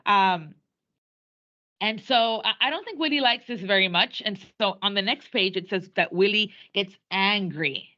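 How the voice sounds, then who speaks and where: A woman teacher lecturing her class on a play in a classroom. She talks in an animated way and switches between English and Spanish. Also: medium pitch, measured pace. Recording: dull lo-fi classroom recording.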